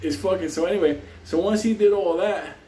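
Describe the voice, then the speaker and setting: A man telling a story in a loose, rambling way, swearing constantly and breaking into laughter, his voice sitting a little high for a man. He sounds set back from the mic in an echoey room with a faint hiss underneath. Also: fairly quick, dark tone. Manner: profane, rambling, laughs often. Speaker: host. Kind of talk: casual storytelling. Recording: roomy, distant, faint hiss.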